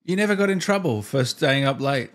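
An enthusiastic male host with a very lively, sing-song pitch that swoops up and down as he talks. He heaps praise on his guest and keeps the chat moving over a video call. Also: a little fast. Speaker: show host. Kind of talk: casual interview chat.

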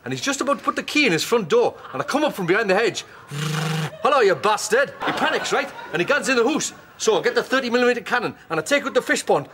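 A man with a high, lively voice tells rambling, boastful stories. A faint hiss sits under his voice. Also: rapid-fire, few pauses. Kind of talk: comic skit call.

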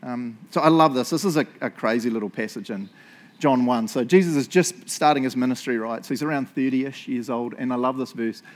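A man's voice: medium pitch, fairly quick. Kiwi pastor guy preaching, casual and jokey, keeps saying eh and right. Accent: New Zealand. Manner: chatty, jokey, often adds "eh?" and "right?". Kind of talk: sermon. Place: church.

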